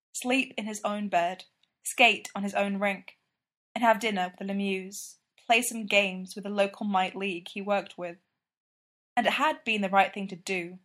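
A woman reading a piece of fan fiction aloud in a steady, even storytelling manner. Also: mid-range voice. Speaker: reader.

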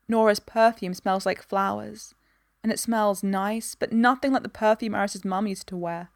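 A woman reading a story aloud in an even, gentle voice. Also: mid-range voice, normal speed, gravelly, dry recording, studio quality. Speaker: narrator.

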